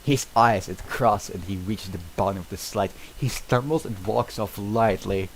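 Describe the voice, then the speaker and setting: A man with a low voice reads a film script aloud on stream, stumbling over words and often starting again. His delivery is casual and unpolished at a normal speed. The recording is low quality, with a faint hiss behind him.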